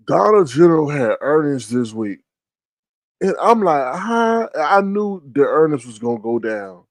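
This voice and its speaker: With a voice on the high side and no echo, this man hosts a livestream in casual live-chat commentary. He is sleepy and yawning, rambling and trailing off as he restarts his thoughts.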